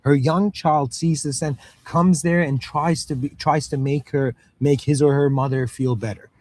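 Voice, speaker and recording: Thirties male lecturer from the Middle East, casual and chatty, fairly high pitch, dry close recording. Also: steady tone, normal speed, a little mellow, dry recording. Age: 30s. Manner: conversational, repeats "you know" and "okay"; acts out parent and child voices.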